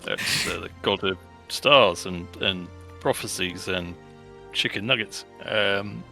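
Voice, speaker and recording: A man's voice: low-pitched, slow pace, vocal fry, pushed and bright, faint music behind. A man playing in a tabletop game, blunt and joking with stumbling restarts. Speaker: player. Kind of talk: tabletop role-play.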